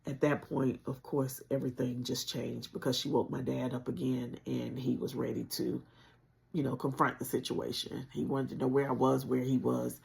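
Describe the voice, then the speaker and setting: A woman telling a painful personal story on a livestream, speaking earnestly and conversationally with deep spiritual conviction. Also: flat delivery, moderate pace, gravelly, a little mellow. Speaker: channel host sharing a personal story.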